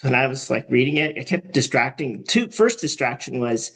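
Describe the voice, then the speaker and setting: A man's voice: mid-range voice, animated, normal speed, a bit bright. A man giving feedback in a casual writing workshop, thinking aloud with frequent restarts and fillers. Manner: thoughtful, rambling, many restarts. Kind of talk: casual discussion.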